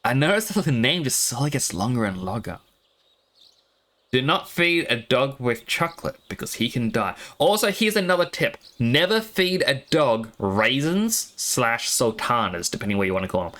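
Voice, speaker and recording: Lively Australian man streaming a game. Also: mid-range voice, normal speed. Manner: animated rambling storytelling with laughs. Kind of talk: casual chat while streaming a game.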